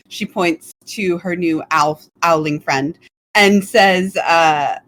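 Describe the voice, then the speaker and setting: A woman playing a tabletop game who describes her character's actions with halting fillers. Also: lowish voice, fairly bright tone, slight background noise. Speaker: player. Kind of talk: tabletop role-play.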